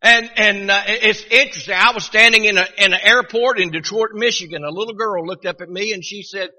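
High, bright Southern preacher in a hall. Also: male voice, brisk. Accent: Southern American. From Virginia. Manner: folksy storytelling, repeats words when starting sentences. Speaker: pastor. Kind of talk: sermon.

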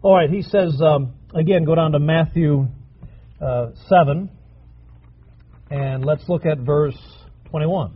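A man's voice: a little high, takes it slowly, highs cut off. A male preacher giving a sermon, emphatic and repeating key phrases for stress.

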